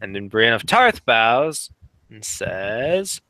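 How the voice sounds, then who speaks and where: Man, game master, brisk narration, bright forceful tone, dry sound. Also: fairly low pitch, sing-song, dry recording.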